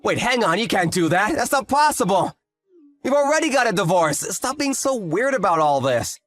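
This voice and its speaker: Someone doing a whiny cheating husband, late thirties, defensive and begging, soft music behind. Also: mid-range voice, big pitch swings, moderate pace. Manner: defensive, pleading. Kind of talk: voiced story drama.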